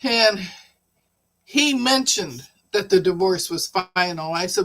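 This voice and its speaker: A woman's voice: lowish voice, lively intonation, slow pace, a bit bright, rough recording. A woman hosting a casual live stream, chatting and telling a personal story, laughing often. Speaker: livestream host.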